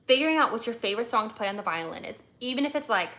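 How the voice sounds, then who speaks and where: A woman's voice: on the high side, lively intonation, rapid-fire, bright, forceful tone. A woman from America, a violinist, answering viewer questions in a casual livestream chat, full of ums and likes.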